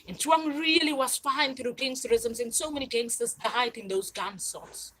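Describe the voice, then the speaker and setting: A woman's voice: high-pitched, moderate pace, hardly any pauses, breathy edge, rough recording. A woman, hosting a livestream and talking in a rambling, repetitive, insistent monologue. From South Africa. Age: 40s. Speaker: channel host.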